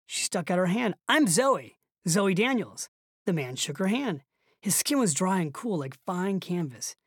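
A woman narrating an audiobook in an expressive storytelling reading, close to the mic. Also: on the low side, moderate pace, breathy edge, dry recording.

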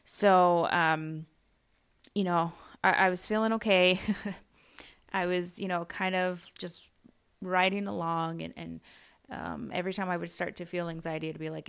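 A young woman talks through a personal story for her podcast, with a slightly low voice. She is chatty and casual, full of fillers and quick little laughs. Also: steady tone, gravelly, fairly bright tone, smooth. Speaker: podcast host.

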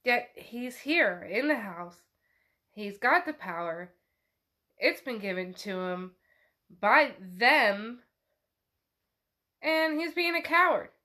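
Woman podcast host, slow, bright, casual book-recap delivery, swears freely. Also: a little high, expressive. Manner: chatty, swears, "he's like" retelling.

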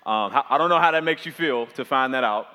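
Bright-voiced young male pastor, echoing hall. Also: medium pitch, quick pace, smooth. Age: 20s. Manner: chatty and loose, heavy on filler words. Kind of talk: storytelling sermon to a live audience. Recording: long hall reverb.

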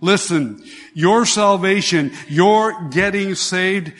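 A man's voice: high voice, slow pace, fairly bright tone. A man preaching a sermon as pastor, emphatic, repeating key phrases and asking rhetorical questions of his congregation. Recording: long hall reverb.

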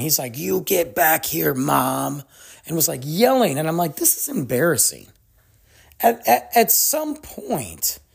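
A gravelly, husky podcast host talking solo. The voice swings widely up and down as it rants through a story, slipping into the voices of the people being quoted. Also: mid-range voice. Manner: animated ranting storyteller.

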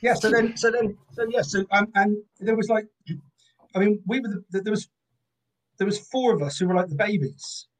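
Slightly high-voiced Cornish man. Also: moderate pace, low-quality recording. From Cornwall, England. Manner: precise about dates, hesitant with fillers. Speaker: guest. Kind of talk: casual chat.

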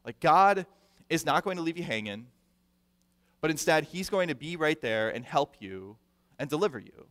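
A male pastor preaching a sermon with animated delivery, acting out the people he quotes and repeating words for emphasis. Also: on the high side, normal speed. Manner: animated, acts out quoted voices; repeats words when stressing a point. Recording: long reverb of a large hall.

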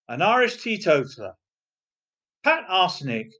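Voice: medium pitch, sing-song, moderate pace, fairly bright tone. A joke teller reading a series of pub jokes aloud, story by story.

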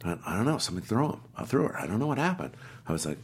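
Animated man telling a story. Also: lowish voice, racing, slightly rough. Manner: animated storyteller, acts out voices and accents. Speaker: guest actor telling a story. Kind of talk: casual anecdote.

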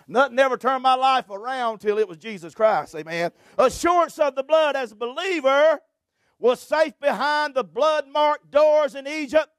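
A man's voice: very high voice, dry recording, clean studio sound. A man preaching a fervent sermon, punctuating his phrases with "amen" and short chuckles.

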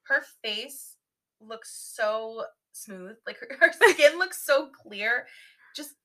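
A young woman co-hosting a podcast, talking in a relaxed, giggly way. Her voice is bright and swings widely in pitch as she chats with friends. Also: takes it slowly. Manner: giggly, chatty, drifts between topics. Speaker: podcast co-host. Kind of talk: casual chat.

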